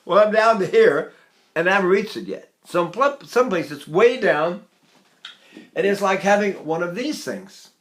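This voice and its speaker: A man's voice: sits high, expressive, normal speed, fairly bright tone. An older man giving a singing lesson, explaining technique in a folksy, demonstrative way and breaking into sung vowels to show his points. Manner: folksy, demonstrative, sings sample vowels and laughs between points. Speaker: voice teacher.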